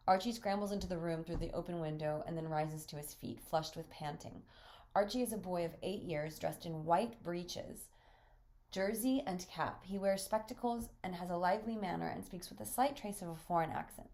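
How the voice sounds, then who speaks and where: A woman reading a play script aloud, narrating the stage directions in a measured way. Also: fairly low pitch, a little mellow. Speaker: reader and narrator.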